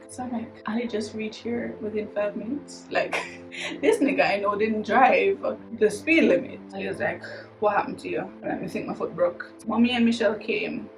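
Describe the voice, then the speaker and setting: A woman's voice: medium pitch, rough recording. A young woman with a Jamaican accent telling a personal story in a casual vlog, acting out the voices of the people in it and laughing as she goes. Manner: animated, acts out dialogue, laughs through the telling. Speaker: vlogger telling her story.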